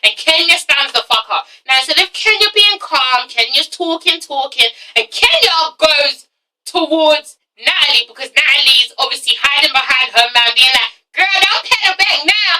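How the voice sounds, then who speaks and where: High bright-voiced woman recapping TV. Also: normal speed, recorded from a distance, low-quality recording. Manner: animated, swears freely, breaks into laughter. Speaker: TV show reviewer. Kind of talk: casual recap vlog.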